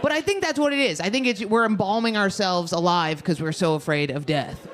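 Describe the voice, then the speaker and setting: A young woman with a mid-range voice speaks a bit quickly through a brash, crude comedy set, bantering with the audience from the stage. A faint crowd and laughter come through the noisy live club recording.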